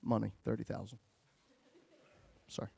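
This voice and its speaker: A man preaching a sermon as a pastor, telling a personal story in a folksy, joking way and swinging between loud and hushed. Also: on the low side, level tone, moderate pace, gravelly, husky, no echo.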